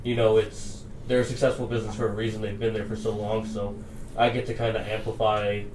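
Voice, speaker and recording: A man's voice: on the low side, little pitch movement, brisk, recorded from a distance. A young Canadian man, a bar manager, chatting casually as a patient and telling stories in an easygoing way. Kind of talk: casual chat. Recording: roomy, off-mic with faint noise.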